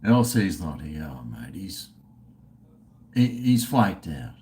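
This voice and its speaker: A middle-aged Australian man holds a loose, profane livestream chat with his viewers. He talks at an unhurried, drawn-out pace, and his pitch swings widely. He comes across as rambling and chatty. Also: big pitch swings, warm tone, a little hiss or hum. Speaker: livestream host.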